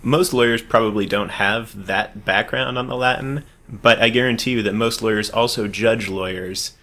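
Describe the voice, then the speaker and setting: A man co-hosting a podcast in casual chat, talking about legal matters with dry, wry deadpan humor. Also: fairly low pitch, normal speed. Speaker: podcast co-host, legal expert.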